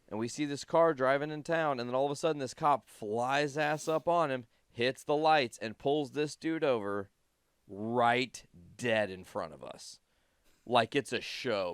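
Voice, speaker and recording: A man co-hosting a casual podcast, telling a story in an animated way and acting out the voices of the people in it. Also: medium pitch, clean tone, no echo, studio quality. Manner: animated storyteller who acts out quoted voices. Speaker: podcast co-host.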